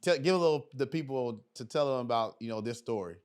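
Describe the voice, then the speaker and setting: A man's voice: medium pitch, expressive, fast talker, smooth. A man hosting a casual interview, stumbling over his words as he sets up questions. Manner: stumbling, repeats words while asking. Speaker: podcast host.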